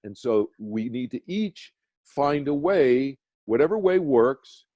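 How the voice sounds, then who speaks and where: A man's voice: medium pitch, expressive, takes it slowly, dry recording, highs cut off. A man, a meditation teacher, telling a personal story as a radio guest, earnest and rambling with many restarts. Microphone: phone or video call.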